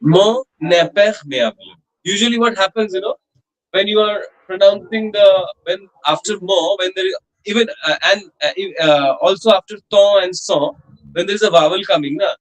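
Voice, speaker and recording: A man with a noticeably high voice teaches a French lesson. He explains each point plainly and drills words over and over at an unhurried pace. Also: poor audio. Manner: slow, patient pronunciation drills with repetition. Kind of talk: language class instruction.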